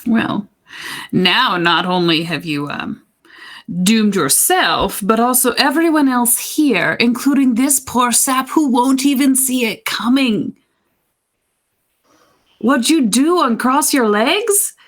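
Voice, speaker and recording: A woman's voice: a little high, takes it slowly. A woman voicing a scornful, taunting shadow spirit. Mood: mocking. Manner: taunting, contemptuous. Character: scornful inner shadow voice, mocking and cruel.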